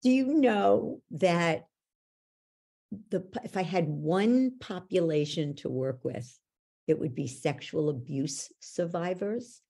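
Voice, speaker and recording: A woman coach guiding a guest through a belief exercise with direct, steady questions. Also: lowish voice, takes it slowly, creaky.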